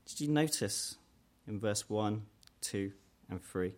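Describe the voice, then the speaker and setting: Low-voiced earnest male preacher. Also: animated, slow. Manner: earnest, rises in pitch and force when quoting mockers. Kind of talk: sermon.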